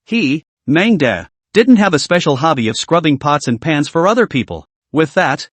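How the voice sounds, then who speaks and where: A man's voice: on the high side, dry recording. A man reading a comic story recap as a scripted narration.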